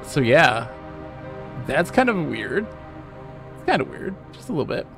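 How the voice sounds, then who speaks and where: His voice is fairly high and bright, with big pitch swings, vocal fry, and a measured pace, and soft music plays in the background. He's live-streaming a game, rambling casually and joking with the characters.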